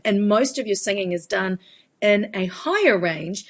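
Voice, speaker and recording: A woman's voice: medium pitch, lively intonation, normal speed. A woman, giving a chatty live Q&A as a vocal coach. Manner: chatty, explanatory, demonstrates voice changes. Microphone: phone.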